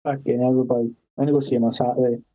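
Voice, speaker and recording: A man's voice: mid-range voice, level tone, rapid-fire, phone-quality sound. A man telling rambling anecdotes as a podcast guest, swearing constantly and breaking into laughter. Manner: heavy swearing, laughing, acting out quoted voices. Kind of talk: casual anecdotal storytelling.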